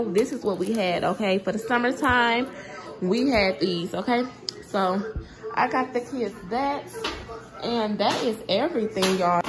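A woman chatting casually to viewers about her grocery haul, a little sick with a sore throat and runny nose. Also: mid-range voice. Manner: chatty, talks straight to viewers, says y'all a lot. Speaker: vlogger.

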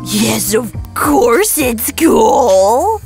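A woman's voice: a little high, very animated, extremely slow, gravelly, music in the background, full character voice. A woman voicing a sly, playful female prankster posing as a date in a game machinima.

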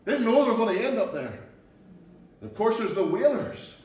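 A man's voice: high-pitched, brisk. A man with a Northern Irish accent, a pastor giving an earnest, folksy sermon. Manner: earnest, folksy, animated preaching. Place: church. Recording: echoey church from a distance.

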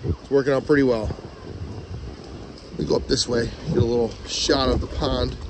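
A man vlogging outdoors by a pond, chatty and excited as he narrates while walking with a handheld phone. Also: medium pitch, background noise. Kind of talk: casual outdoor vlog commentary. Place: outdoors by a pond and beaver dam. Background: rushing water.

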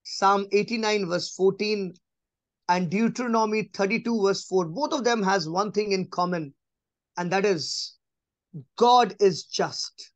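A man giving a conversational Bible teaching, emphatic, repeating key phrases and dropping to a soft, low voice. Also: normal speed, no echo. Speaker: preacher.

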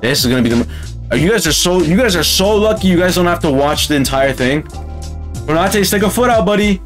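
A man commentating on his own football game matches, excitable and yelling at the screen. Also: fairly high pitch, a little fast, soft background music. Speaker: gaming channel host. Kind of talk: gaming commentary.

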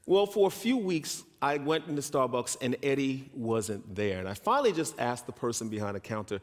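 In a large hall, a pastor preaches at a normal speed with few pauses, his voice expressive. He tells stories and acts out the voices of the characters, raising his pitch for the quoted lines.

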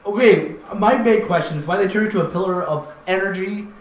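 A young man doing casual esports commentary as a bemused newcomer who breaks into excited shouts. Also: high-pitched, fairly quick. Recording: roomy echo with faint noise.

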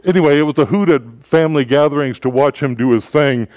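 A man giving a sermon as a pastor, telling stories in a relaxed, conversational way with frequent filler words. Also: a little high, quick pace, no room sound.

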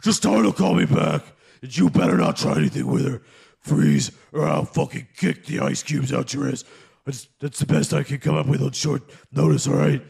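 A man voicing a jealous, hotheaded male caped crusader who leaves ranting, swearing voicemails in a very gravelly growl. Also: mid-range voice, expressive, normal speed, darkish tone, exaggerated voice. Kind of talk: comedy voicemail sketch.

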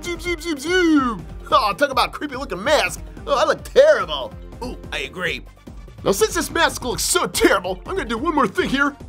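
Someone doing a squeaky giggly puppet guy hosting a toy review show, voice bouncing all over, laughing nonstop. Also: pushed and bright, full character voice. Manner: constant giggling, exclaims "oh, man". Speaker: host.

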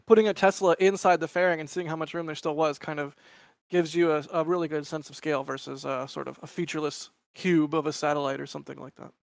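A man's voice: a little high, fairly even intonation, fast talker, creaky, no echo, studio quality. A man co-hosting a live show in casual chat, thinking aloud in a tentative way. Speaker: co-host, photographer.

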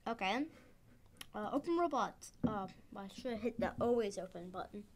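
A young woman casually commenting while she plays a video game, rambling and excitable, her speech slightly off from a dental expander. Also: medium pitch, normal speed, a little hiss or hum. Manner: chatty, excitable, rambling with fillers. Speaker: gaming video host.

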